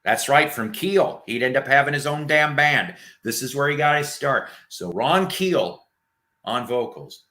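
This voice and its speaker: A man's voice: medium pitch, animated, a little slow, bright, forceful tone. A man hosting a casual chat show, rambling enthusiastically about old records and bands and swearing now and then. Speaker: host.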